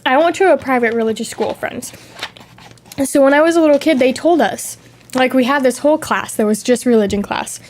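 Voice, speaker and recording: A young woman with a high, light voice chats casually on a stream. She is sick with a lingering cough and tells stories in an animated, lively way. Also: fairly quick, a little hiss or hum. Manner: animated, chatty storytelling with acted-out quotes. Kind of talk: casual chat.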